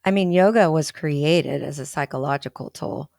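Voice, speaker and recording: A woman hosting a podcast, adding calm, reflective comments to her guest's stories. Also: sits low, normal speed, creaky, no room sound, clean studio sound. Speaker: podcast host. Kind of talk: podcast conversation.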